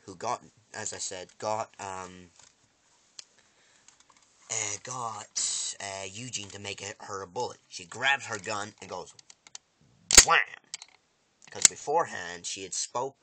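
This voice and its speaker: A man excitedly recapping a TV episode in a casual vlog, rambling with restarts and acting out characters' lines. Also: background noise. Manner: animated storyteller, acts out lines with big loud jumps in pitch; rambling, many restarts and fillers.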